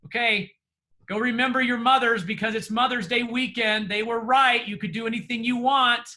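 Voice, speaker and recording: Bright high-voiced man, earnest trainer. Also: steady tone, normal speed. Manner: earnest, encouraging, with many fillers and restarts. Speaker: real estate trainer. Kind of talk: motivational closing remarks. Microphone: video call.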